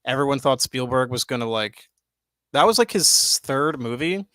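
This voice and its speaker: A young man co-hosting a podcast, chatting loosely and excitedly, swearing freely and filling with "like" and "dude". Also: mid-range voice, normal speed, dry recording. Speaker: podcast co-host. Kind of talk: casual chat. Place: home studio, live stream.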